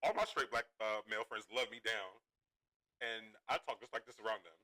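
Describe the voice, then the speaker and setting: A man's voice: fairly low pitch, pushed and bright, poor audio. A man co-hosting a casual talk podcast, playful and sassy in his banter. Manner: playful, sassy, fast-talking. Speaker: podcast co-host. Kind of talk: casual chat.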